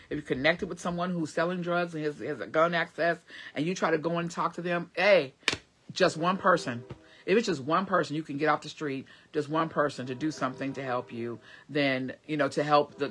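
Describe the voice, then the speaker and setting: A woman's voice: lowish voice, a bit bright, breathy edge. A woman vlogging to camera, talking earnestly about faith and prayer, rambling with many fillers. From Cincinnati area, USA. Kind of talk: casual motivational talk.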